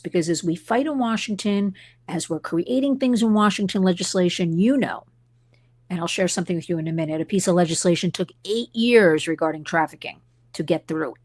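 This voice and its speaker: A middle-aged woman hosts a live talk for her followers, her voice sitting a little low. She speaks with passion and often drifts into side stories. The sound is dry, with no room echo. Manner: passionate, digressive storytelling. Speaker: host and advocate. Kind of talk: live-stream talk to viewers.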